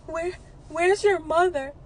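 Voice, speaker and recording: A woman voicing an injured older stepfather in a hospital bed, dazed and in denial, speaking softly in halting repetitions. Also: extremely high pitch, pitched above the performer's own voice.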